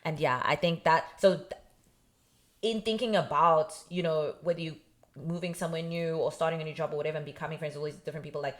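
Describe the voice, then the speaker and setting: A woman's voice: low voice, quick pace. A woman co-hosting a podcast, talking in an earnest, emphatic and opinionated way in casual chat. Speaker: podcast co-host.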